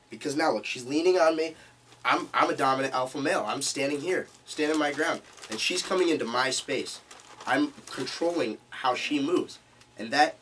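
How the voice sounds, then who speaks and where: A man's voice: medium pitch, a bit bright, slight background noise. A man teaching a live seminar to a group, emphatic and repeating key points, recorded from a distance. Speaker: seminar instructor.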